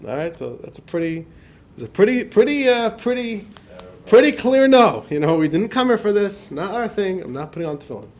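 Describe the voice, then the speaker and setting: A man teaching a class as a rabbi, telling stories in a lively lecture style, acting out quotes and laughing often. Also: sits high, fairly quick. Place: class in front of a live audience.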